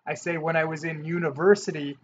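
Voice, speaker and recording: Chatty man with a somewhat high voice. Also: flat delivery. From North Dakota, USA. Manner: chatty, self-deprecating, quick to mimic accents. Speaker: vlogger, channel host. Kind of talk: casual chat answering viewer questions. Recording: muffled low-fidelity audio with faint background hiss.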